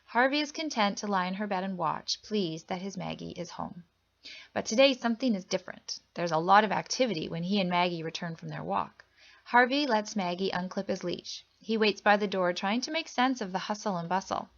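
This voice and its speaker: A woman reading a children's picture book aloud, telling it gently and expressively. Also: fairly quick, creaky, highs cut off. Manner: gentle, expressive storytelling that lifts pitch for characters' lines. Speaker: storybook reader.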